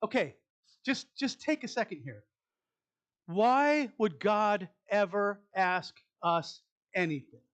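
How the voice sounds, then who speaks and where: A man preaching a conversational sermon as pastor, asking the congregation questions and dropping into soft asides. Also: high voice, expressive, slow. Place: church sanctuary.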